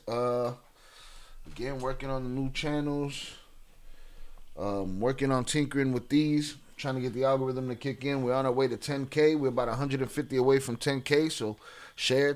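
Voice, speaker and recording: A man hosting a live stream in a casual, slangy, laid-back way, giving shout-outs to viewers. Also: medium pitch. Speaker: livestream host.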